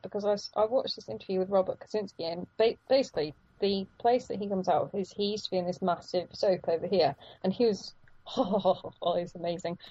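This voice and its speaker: Woman, casual co-host; warm, husky tone, rambling delivery, dull lo-fi sound. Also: medium pitch, no room sound. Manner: rambling, many restarts, laughs often. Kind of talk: casual chat.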